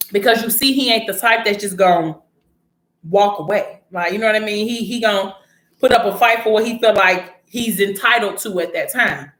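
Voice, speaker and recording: Woman ranting casually, blunt n slangy, mid pitch, kinda echoey room. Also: moderate pace. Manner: blunt, animated, frequent profanity and slang. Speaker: vlogger recapping a TV series. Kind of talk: casual chat retelling a story.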